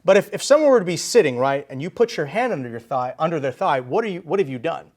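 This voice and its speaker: A man preaching a sermon in a church, animated and emphatic, stressing his key phrases. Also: fairly high pitch, quick pace. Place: church sanctuary.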